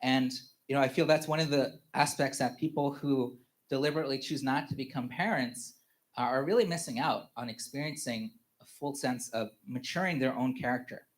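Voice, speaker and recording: Halting man sharing a testimony. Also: mid-range voice. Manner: halting, full of "you know" fillers and restarts; chuckles often while telling stories. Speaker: father giving a testimony at a family church service. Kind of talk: personal sermon testimony.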